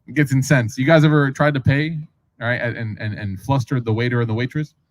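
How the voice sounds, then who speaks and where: A man's voice: medium pitch, a little fast, poor audio. A man telling a religious story in a casual lecture style, acting out the voices of the people in it with many asides to the audience. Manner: animated storyteller, acts out quoted voices, frequent asides. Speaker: preacher.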